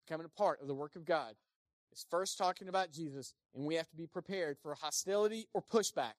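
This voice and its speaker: A pastor preaching a sermon, animated, swinging between loud emphasis and quiet asides, and acting out the people quoted. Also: medium pitch, fairly quick, no room sound, clean studio sound. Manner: acts out quoted speakers in playful voices.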